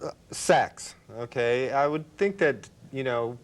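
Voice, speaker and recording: A man hosting a casual interview, asking relaxed, chatty questions full of fillers. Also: medium pitch, takes it slowly.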